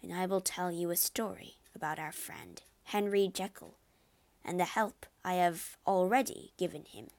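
A man's voice: high-pitched, normal speed, vocal fry. A woman voicing a shaken, frightened male doctor who speaks in a trembling voice, in a storybook reading. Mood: hushed. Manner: trembling, fearful.

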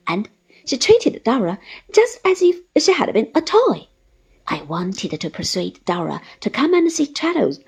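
Expressive woman reading a classic novel. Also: on the high side, breathy edge. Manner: expressive storytelling. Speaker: audiobook reader.

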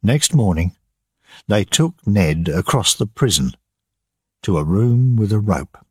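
A man narrating an audiobook for learners in a slow, measured reading. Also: fairly low pitch, very animated, husky, dry recording, studio quality.

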